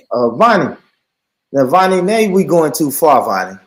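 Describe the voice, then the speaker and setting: A man and father in a casual panel chat on a video call, talking loudly and protesting. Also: on the high side, big pitch swings, moderate pace. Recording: roomy home mic with faint noise.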